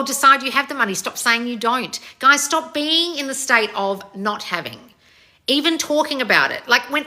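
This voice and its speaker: A woman's voice: mid-range voice, sharp tone. A woman hosting a casual live Q&A as a coach, reading out viewer comments and answering them bluntly, swearing often and calling people darling.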